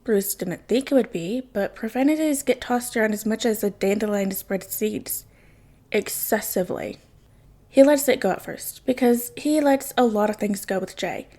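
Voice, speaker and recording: A woman reading a fan fiction story aloud in soft, unhurried narration. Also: mid-range voice. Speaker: podfic reader.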